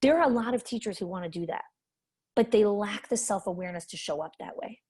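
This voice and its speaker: A woman's voice: medium pitch, fast talker, a little mellow, breathy edge. A woman leadership coach teaching a webinar in an emphatic way, repeating her key points. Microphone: webinar microphone.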